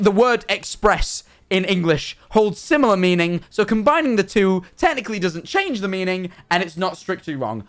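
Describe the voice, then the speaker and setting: A man's voice: high voice, fairly bright tone. A man livestreaming in casual chat with his viewers, ranting animatedly and swearing often.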